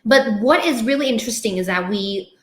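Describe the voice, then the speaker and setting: A woman's voice: fairly high pitch, animated, fairly quick. Woman host, echoey live chat. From Thailand. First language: Thai. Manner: laughs often, hesitant restarts. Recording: echoey room.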